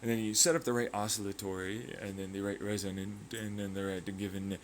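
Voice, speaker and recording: A man hosting his own channel, talking through a rambling, excitable science monologue full of tangents, sound effects and swearing. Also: on the low side, fairly quick, a little hiss or hum. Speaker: channel host.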